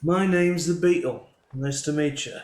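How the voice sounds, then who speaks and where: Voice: mid-range voice, normal speed, roomy sound, close to an everyday voice. A man voicing a casual, easygoing male half-orc who drawls.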